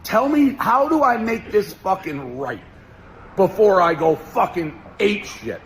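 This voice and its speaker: A man's voice: high voice, animated, unhurried, a little hiss or hum. Heated, profane man ranting. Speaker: media personality in played clip. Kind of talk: angry ranting clip.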